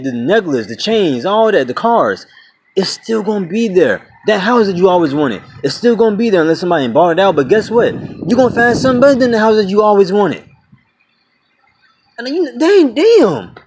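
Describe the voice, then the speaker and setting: High-voiced young man ranting bluntly. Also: expressive, fast, darkish tone. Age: 20s. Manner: blunt, preachy, swears freely, calls viewers "y'all" and "man". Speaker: vlogger. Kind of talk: casual rant to camera.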